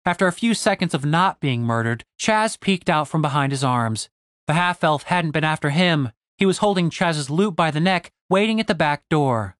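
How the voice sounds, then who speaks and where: A man reading a fantasy novel aloud in a steady storytelling voice. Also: on the high side, moderate pace, no room sound, studio quality. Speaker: audiobook narrator. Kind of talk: scripted fantasy narration.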